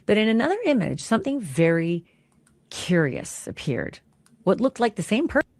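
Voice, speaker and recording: A woman's voice: mid-range voice, sing-song, moderate pace, a little mellow, dry recording. A woman narrating a true-crime recap in a suspenseful storytelling way.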